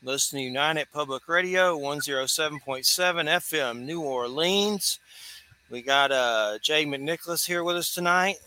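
A man's voice: fairly high pitch, normal speed, bright, forceful tone. Chatty man hosting radio. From Georgia, US. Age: 40s. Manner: loose and chatty, laughs easily, rambling asides. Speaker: radio show host. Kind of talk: casual radio talk.

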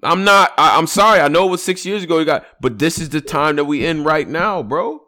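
A man's voice: fairly high pitch, brisk. A man co-hosting a casual podcast chat, talking emphatically with frequent swearing. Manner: animated, emphatic, swears freely.

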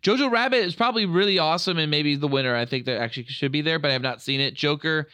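Podcast co-host, male, bright crisp voice, dry close mic, jokey and loose. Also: on the high side, racing, no echo. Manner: jokey, hesitant restarts, leads the segment. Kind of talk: casual chat.

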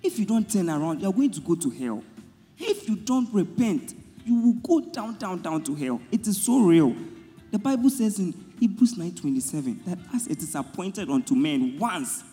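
A man's voice: high voice, moderate pace, big-room sound, soft background music. A man, preaching and scolding a young woman in a comedy skit. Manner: lively, scolding, warns of hell. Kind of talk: comic preaching.

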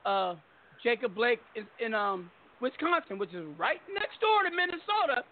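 A man hosting a talk radio show, telling a story in a blunt, animated way with plenty of swearing. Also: very high-pitched, normal speed, a little hiss or hum. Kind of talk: casual talk radio monologue. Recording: phone-like call-in line.

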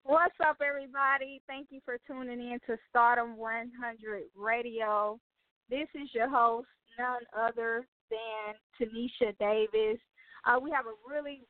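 Female radio host, bright upbeat delivery, higher voice, dry phone-quality sound. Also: no echo. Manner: upbeat, filler-heavy. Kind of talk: online radio interview. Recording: dry tinny phone-like audio.

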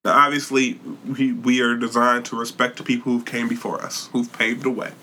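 Man, podcast co-host, bright edge, slangy and easygoing, faint hiss behind. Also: mid-range voice, fairly quick. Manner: laid-back slangy, laughs easily, animated bursts. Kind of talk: casual chat.

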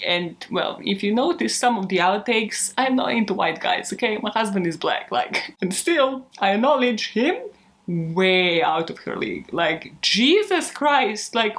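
A young adult woman hosting a true crime show, chatting casually at home in outtakes, rambling and swearing with self-mocking laughs. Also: a little high. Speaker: true crime podcast host.

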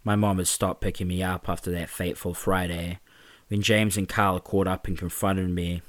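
Low-voiced man narrating a story. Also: flat delivery, normal speed, no room sound. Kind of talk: first-person story narration.

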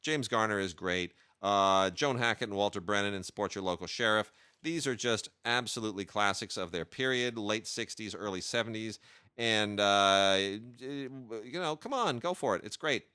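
Bright-voiced, eager male film show host. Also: lowish voice, normal speed, clean tone, no echo, studio quality. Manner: enthusiastic, with many hesitations and restarts. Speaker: podcast host reviewing film releases. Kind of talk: casual chat.

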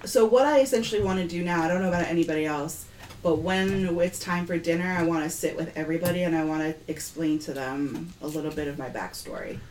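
A woman's voice: low-pitched, quick pace, a little mellow. A woman playing a tabletop role-playing game, eagerly planning her character's moves. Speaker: player. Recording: echoey room with faint noise.

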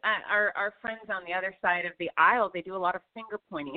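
A woman's voice: medium pitch, fast, hardly any pauses. A woman guest from Florida, talking fitness in a live interview, blunt and emphatic. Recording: dry, tinny phone-like line.

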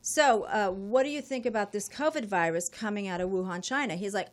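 A woman guest telling a long travel story in a casual, profane, animated way. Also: mid-range voice, a little fast, hardly any pauses.

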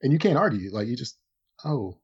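A man's voice: mid-range voice, big pitch swings. A man co-hosting a podcast in loose, slangy, profane banter, riffing and joking at length. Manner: laid-back, slangy and profane, drawn-out joking riffs. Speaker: podcast co-host. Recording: dull lo-fi podcast audio.

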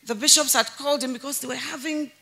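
Animated woman pastor preaching with bursts of shouting. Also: quick pace. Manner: animated, laughs often, shouts for emphasis then drops to low earnest tones. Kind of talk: sermon.

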